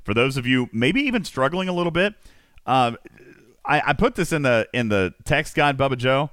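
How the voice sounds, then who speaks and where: A man's voice: medium pitch, lively intonation, moderate pace, a bit bright, clear, resonant tone, dry recording, clean studio sound. A man hosting a casual gaming chat, teasing his co-hosts and rambling through tips. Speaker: podcast host.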